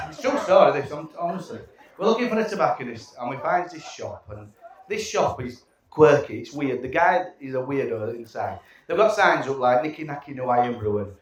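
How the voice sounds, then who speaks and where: Cheeky best man in echoey hall. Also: fairly high pitch. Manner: cheeky storytelling, playful swearing. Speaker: best man giving a wedding speech. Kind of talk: wedding speech to guests. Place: wedding reception hall. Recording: echoey hall from far off, loud room noise.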